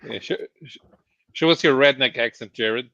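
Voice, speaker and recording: A man's voice: medium pitch, normal speed, creaky, a bit bright, no echo. A man as a guest on a casual podcast chat, dry and pushing back on teasing. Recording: dull lo-fi dry call audio.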